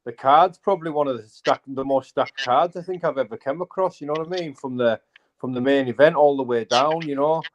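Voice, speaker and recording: A man's voice: mid-range voice, a little fast, lo-fi sound. A man, a bare-knuckle fighter calling in from bed, chatting easily and filling his talk with "mate" and "you know". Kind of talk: casual chat. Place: at home, lying in bed. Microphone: phone.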